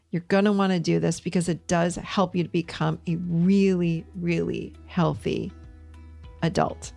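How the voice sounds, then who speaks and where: A middle-aged woman hosting a solo podcast as a therapist, gently coaching listeners through exercises. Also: on the low side, steady tone, unhurried, creaky, soft background music. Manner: gentle, coaching, speaks imagined dialogue softly.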